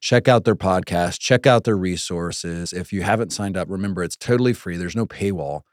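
A man's voice: deep voice, normal speed, no room sound, studio quality. A man hosting a faith podcast, teaching in an earnest, conversational way with the odd laugh. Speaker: podcast host and Bible teacher. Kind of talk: casual teaching talk.

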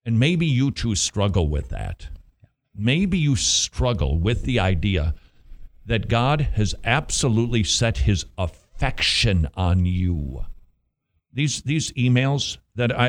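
A man's voice: medium pitch, sing-song, takes it slowly. A man hosting a Christian talk show, emphatic and preachy with a teasing edge. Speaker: host.

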